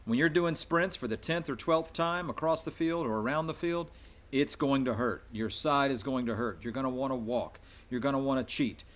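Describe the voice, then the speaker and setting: A man's voice: mid-range voice, normal speed. A man speaking as a middle school soccer coach, giving a firm, emphatic welcome talk to his players.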